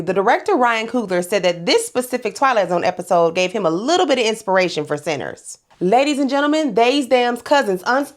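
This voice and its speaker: A woman from Louisiana, hosting a sassy comedic recap of a TV episode, talking straight to viewers with pet names and laughing often. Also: on the high side. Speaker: host.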